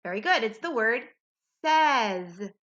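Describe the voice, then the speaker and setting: Slow, lively-voiced woman teaching young kids. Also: fairly high pitch, highs cut off. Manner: slow, clear, exaggerated sentence modeling for young kids. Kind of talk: children's phonics lesson.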